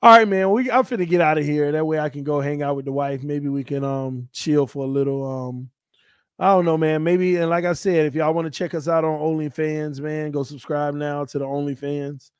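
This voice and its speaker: A man from Florida hosts a sports livestream and banters with his chat. He jokes and trash-talks with a slightly high voice. The sound is close and dry, with no room echo. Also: fairly even intonation, fairly quick, clean tone. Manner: playful trash talk, laughing, reading chat aloud. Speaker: sports talk livestream host. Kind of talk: casual live-chat banter.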